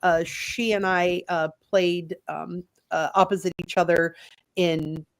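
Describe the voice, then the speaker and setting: A woman's voice: fairly low pitch, fairly even intonation, slow, no echo. Chatty woman guest with a dry sound. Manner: chatty, laughs easily, fills with "uh". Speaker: guest, stage actor. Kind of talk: casual panel talk.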